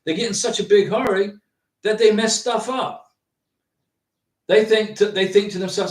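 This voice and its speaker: A man hosting a livestream, chatting casually and reading out viewer comments in an animated, rambling way with many restarts. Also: high-pitched, moderate pace, pauses often, distant mic. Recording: roomy echo, from off the mic.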